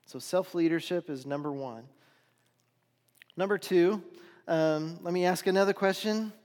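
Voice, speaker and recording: A middle-aged pastor preaches a sermon in an earnest, conversational way, asking his congregation rhetorical questions. His voice sits high and sounds a little mellow and unhurried. A long hall reverb surrounds him.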